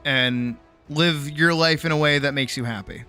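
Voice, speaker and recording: Male streamer, late-night casual chat, worn out with a sore jaw, bright forceful tone, loose and sweary, soft music under the desk mic. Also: a little high, normal speed, clear, resonant tone. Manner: rambling, swears freely, self-mocking. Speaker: streamer and animator. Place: home streaming setup.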